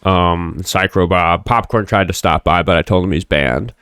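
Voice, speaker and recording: A man's voice: low voice, normal speed, fairly bright tone, smooth, no echo, studio quality. A young man hosting a livestream show, rambling and swearing casually with lots of fillers. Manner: rambling, profane, frequent fillers. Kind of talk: casual livestream talk with callers.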